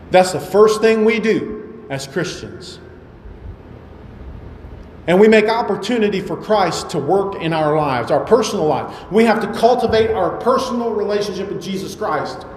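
A man preaching a sermon in a church, with a high voice. He drives his points home with emphatic, repeated rhetorical questions. The sound rings with long, roomy reverb over a faint background hum. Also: animated, a little slow, pauses often. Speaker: pastor. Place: church sanctuary. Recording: echoey hall with faint ambience.

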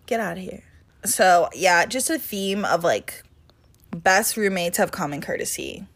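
This twenties-aged podcast co-host has a lowish, animated voice that moves a little slowly. Her casual chat is loaded with "like" fillers, and she curses freely throughout.

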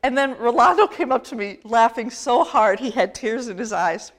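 A middle-aged woman priest tells stories from the pulpit in a chatty, self-deprecating way, often laughing at herself. Her voice sits a little high. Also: expressive, moderate pace. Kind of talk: conversational sermon.

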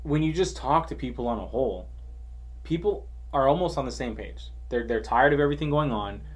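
Man, podcast conversation, heated, profane, stammering restarts, average pitch. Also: lively intonation, fairly quick.

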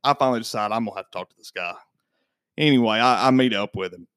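A man, a podcast guest in his thirties, telling a long story in casual chat and acting out the other people's voices with big jumps in pitch. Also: fast, a bit bright, clear, resonant tone, no room sound, studio quality.

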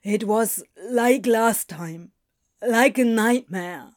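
Woman doing a scared exhausted demon guy, stammering, really slow and halting. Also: a little high. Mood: shaken. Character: shaken exhausted male demon, stammering and fearful. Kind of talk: audiobook fan fiction reading.

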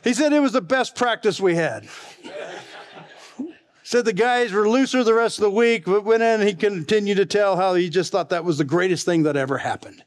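A man's voice: high-pitched, a little fast. A middle-aged male pastor preaching a sermon in a folksy, chatty way, telling family stories and chuckling along. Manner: folksy, chatty, laughs at his own stories. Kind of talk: sermon with storytelling.

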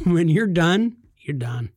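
Podcast co-host, male, fairly high voice, jokey storyteller, dry close mic. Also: very animated, slow pace, darkish tone, no echo. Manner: jokey storyteller, acts out quoted people. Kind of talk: casual podcast chat.

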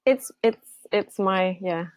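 A woman singer-songwriter chatting as an interview guest through phone headphones, self-deprecating and quick to laugh. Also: mid-range voice. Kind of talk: casual interview chat.

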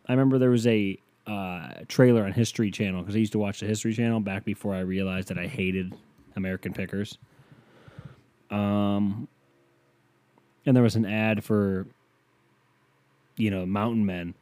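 A man's voice: lowish voice, mellow, no echo. A young man from Ohio hosting a solo podcast, rambling, swearing and mocking himself, on a headset mic. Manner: profane, self-mocking, rambling. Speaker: podcast host.

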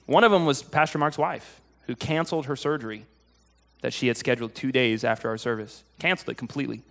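A man preaching a sermon in a conversational storytelling way, getting animated at exciting moments. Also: medium pitch, fast, gravelly. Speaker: pastor.

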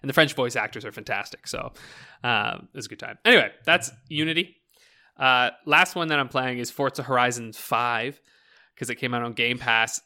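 A man's voice: medium pitch, moderate pace, pushed and bright. A man rambling about video games in a casual podcast chat, swearing freely, leaning on "like" and laughing often.

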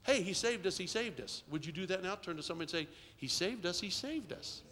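A middle-aged male pastor preaching a sermon, leading call-and-response and swinging from hushed asides to shouting. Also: sits high, lively intonation, fast, in a large hall. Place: church sanctuary.

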